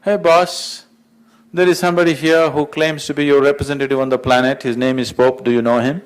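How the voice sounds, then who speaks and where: A man's voice: fairly low pitch, slow, a little mellow. A man voicing Peter, an unimpressed gatekeeper at heaven's gate who talks in an offhand, dismissive way. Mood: calling out.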